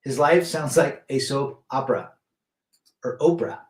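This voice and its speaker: A man's voice: medium pitch, unhurried, reverberant. A man hosting a casual live stream, chatting loosely and reading viewer comments aloud, with frequent restarts. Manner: rambling, many restarts, reads chat aloud.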